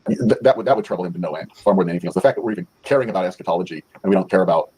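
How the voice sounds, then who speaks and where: Deep, husky man explaining quickly. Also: a little mellow, rough recording. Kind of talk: casual livestream discussion.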